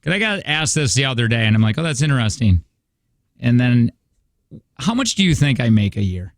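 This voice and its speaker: A man's voice: medium pitch, very animated, fairly quick, no echo. Chatty male radio host, dry sound. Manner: rambling storyteller, chatty. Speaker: radio morning show host. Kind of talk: casual radio chat. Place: radio studio. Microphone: studio microphone.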